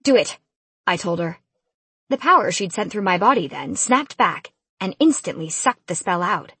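Expressive woman narrator for a first-person fantasy audiobook, husky tone, animated pitch. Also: moderate pace. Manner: expressive, lively storytelling.

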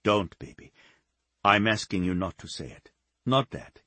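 A man voicing a devoted, protective young man in a story, speaking low, earnest and coaxing. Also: sing-song, a little slow, sharp tone, dry recording, heavily acted. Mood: tender.

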